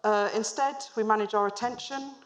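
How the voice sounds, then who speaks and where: The recording is muffled, and this woman speaks a little quickly in a steady, mid-range voice. A managing director in her thirties, she gives a narrative-style business talk to a live audience on stage, asking them questions with light humor.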